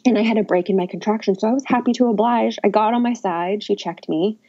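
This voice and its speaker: A woman's voice: mid-range voice, brisk, mellow. A woman casually telling a birth story as a podcast guest, candid and chatty with a wry, self-mocking humor. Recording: dull lo-fi audio.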